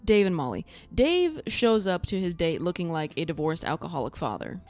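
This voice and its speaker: A woman vlogger talks through a show recap in a low-set voice that swings up and down a lot. She is blunt and sarcastic, with casual swearing, and faint music plays behind her. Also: big pitch swings, moderate pace, darkish tone.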